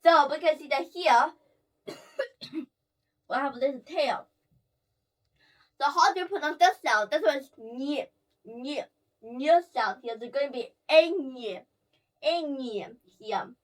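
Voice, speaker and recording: High-voiced woman teaching pronunciation, mic distant. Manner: ends phrases with a habitual "here", repeats sounds slowly. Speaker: language teacher. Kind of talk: explaining while drawing letters.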